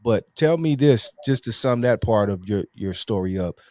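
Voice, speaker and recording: Male host, casual interview, slangy and loose, lowish voice, dry close sound. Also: lively intonation, moderate pace, a little mellow, no room sound. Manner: laid-back, slangy, loose rephrasing questions.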